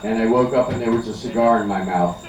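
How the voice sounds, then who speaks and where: A man's voice: mid-range voice, fast talker. An older man works a backyard party crowd with chatty, teasing stand-up. He is from Philadelphia and tells stories. The sound is distant and echoey, with party noise all around. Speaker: stand-up comedian. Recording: echoey, distant, noisy outdoor party recording.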